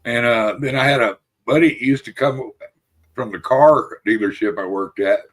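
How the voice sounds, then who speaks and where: Speaking at a moderate pace in a mid-range, slightly bright voice, this podcast host keeps the chat casual. He tells long, meandering stories, laughing his way through them and swearing throughout.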